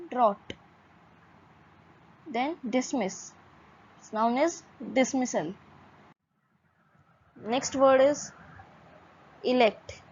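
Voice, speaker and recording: A woman teaching English vocabulary in a measured lesson, listing words one by one and spelling some out letter by letter. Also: fairly high pitch, a little mellow, husky, highs cut off.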